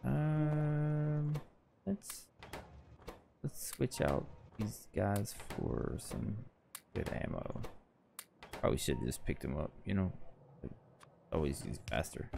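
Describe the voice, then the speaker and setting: Low gravelly tired man narrating gameplay. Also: slow pace, long pauses, background noise. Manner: rambling, self-correcting, chatty. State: tired, yawning. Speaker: gaming channel host. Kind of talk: casual gameplay commentary.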